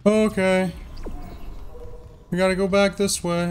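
A man's voice: lowish voice, lively intonation, unhurried, soft background music. Jumpy young man narrating a horror game. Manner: jokey and jumpy, yelps and shouts when startled. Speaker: gaming channel host. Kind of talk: casual let's-play commentary.

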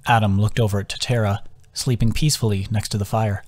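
A man, the author, reading his own novel as an audiobook in a calm, even storytelling manner. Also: lowish voice, moderate pace, no room sound. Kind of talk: audiobook narration.

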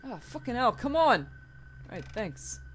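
A woman's voice: on the high side, sing-song, measured pace, slight background noise. A young woman playing a horror game, chatting to the characters, swearing and laughing in panic. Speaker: gaming YouTuber. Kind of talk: horror game let's play commentary. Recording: faint music behind.

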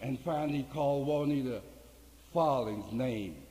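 A man preaching a sermon, telling a story in a low voice and rising to high shouted climaxes. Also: unhurried. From United States. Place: large hall with an audience. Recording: reverberant hall with faint hiss, 1980 archive.

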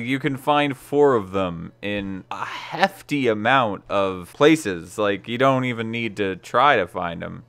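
A man's voice: on the low side, a bit bright, smooth. A young man giving casual, rambling gameplay commentary with a dry, sarcastic streak. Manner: chatty, rambling, dryly sarcastic. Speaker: let's play host.

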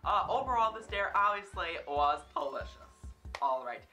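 A man's voice: high-pitched, expressive, normal speed, pushed and bright, faint music behind. A young man hosting a food dare vlog, chatting in a rambling, self-conscious way and tripping over his words. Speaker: dare-challenge vlogger. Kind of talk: casual food-challenge vlog. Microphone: camera facing him.

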